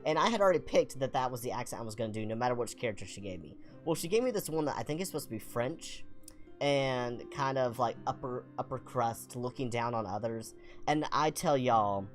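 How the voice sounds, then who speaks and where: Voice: medium pitch, expressive, brisk, soft background music. A young adult streamer from the American South with a Southern accent, telling a rambling, self-deprecating story and reading game text aloud in a casual let's-play. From Southern United States.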